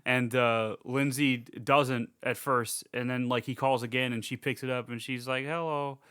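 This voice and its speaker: A man co-hosting a podcast, rambling casually through a movie recap, laughing and throwing in quick character voices. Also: medium pitch, flat delivery, a bit bright, clear, resonant tone, no echo, clean studio sound. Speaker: podcast co-host.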